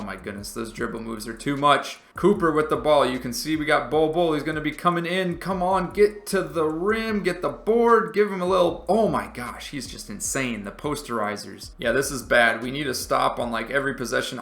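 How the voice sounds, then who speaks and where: A man giving live, excitable commentary over his own basketball video game, with frustrated outbursts. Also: medium pitch, roomy sound. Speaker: gaming commentator.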